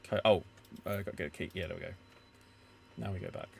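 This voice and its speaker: A man's voice: low-pitched, quick pace, vocal fry, a little mellow, slight background noise. A man streaming a story game, reacting aloud with chatty asides to his viewers. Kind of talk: casual game playthrough commentary.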